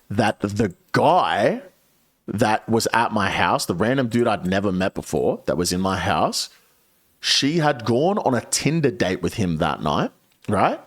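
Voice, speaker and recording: Young male streamer, casual storyteller, lively and animated, swears freely. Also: lowish voice. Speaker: game streamer. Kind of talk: casual storytelling while gaming.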